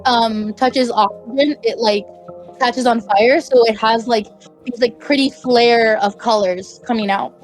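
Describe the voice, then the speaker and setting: A woman's voice: fairly high pitch, steady tone, a little slow, soft background music. A young woman casually telling a personal story, chatty and full of "like" fillers. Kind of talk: casual spoken anecdote.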